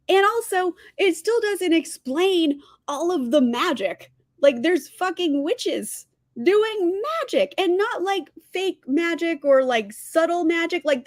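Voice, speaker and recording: A woman's voice: high voice, no room sound, studio quality. A young woman hosting a casual live-stream book review, ranting in exasperation, swearing freely and laughing often. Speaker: book channel host. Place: indoors at home, sipping from a mug.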